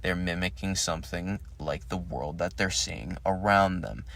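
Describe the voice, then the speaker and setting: A man's voice: low voice, measured pace, gravelly, a bit bright, no echo. A man hosting a solo podcast, talking in a rambling monologue that searches for words and swears casually. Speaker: podcast host.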